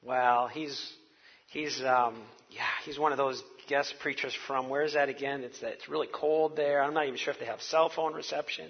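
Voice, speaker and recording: A man's voice: medium pitch, steady tone, moderate pace, slightly rough, long reverb tail, lo-fi sound. A man preaching a sermon to his congregation, telling it like a wry, conversational story. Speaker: pastor.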